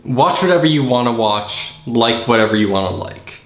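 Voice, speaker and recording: Male podcast host, mid-pitched, sarcastic, casual movie riffing, echoey room. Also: animated, moderate pace. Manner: sarcastic, acts out scenes in silly voices. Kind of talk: casual comedic movie critique. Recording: roomy echo.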